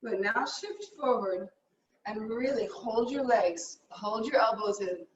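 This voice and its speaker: A woman leads a live yoga class with brisk, upbeat cues and the odd joke, a little out of breath. Her voice sits on the higher side and sounds dull and lo-fi. She is heard from a distance in an echoey room with faint background noise. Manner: upbeat, cueing briskly with jokes. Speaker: yoga teacher. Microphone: camera mic at a distance.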